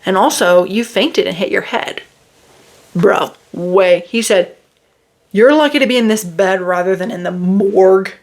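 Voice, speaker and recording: A woman's voice: medium pitch, measured pace. A woman reviewing a book in a casual, sarcastic and exasperated way, reading quotes aloud and picking them apart.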